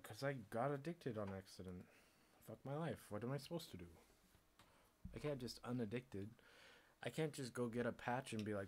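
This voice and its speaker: A man's voice: medium pitch, a little fast, a little mellow. A young man streaming, rambling in a casual monologue, sardonic and swearing freely.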